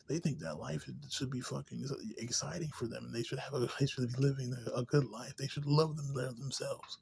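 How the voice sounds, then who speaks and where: In an unscripted vlog, a man vents in a rambling rant full of heavy swearing and fillers, at times sinking into a tired near-whisper. His mid-range voice runs a little fast, with vocal fry and a faint hiss or hum in the audio.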